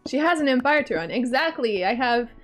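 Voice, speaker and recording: A woman's voice: sits high, lively intonation, a little fast, faint music behind. A young adult woman streaming from home on a desk mic, chatting casually with her chat in a playful, teasing way, laughing often. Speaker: live streamer. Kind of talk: casual live-stream chat, reading chat aloud. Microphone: desk microphone.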